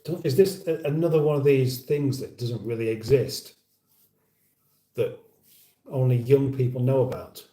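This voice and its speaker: An unhurried male host with a warm, mid-range voice leaves long pauses as he reads viewer comments in a relaxed live chat. He rambles and breaks into his own sentences with deadpan humour, recorded from afar in an echoey room.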